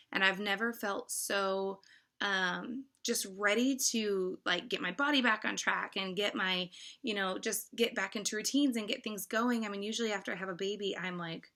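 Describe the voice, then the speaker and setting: A woman's voice: mid-range voice, creaky, bright, forceful tone. A woman in her thirties talking to her viewers in a casual vlog, effusive and emotional, with lots of fillers and restarts. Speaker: vlogger.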